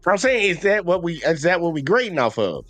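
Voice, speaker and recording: A man's voice: a little high, very animated, brisk, loud music behind the voice. A man co-hosting a casual sports debate. He is talkative, pushes hard on the rules, and swears casually. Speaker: podcast co-host.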